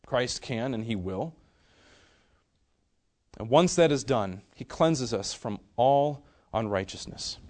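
A young male preacher delivering a sermon with earnest conviction. His voice is mid-pitched and swings widely, rising to loud emphasis and dropping to near-whispered tenderness. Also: animated, slow pace, long pauses.

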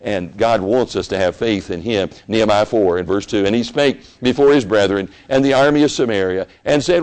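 A man preaching a sermon in an animated way, rising into emphatic bursts and often restarting his phrases. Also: fairly low pitch, normal speed.

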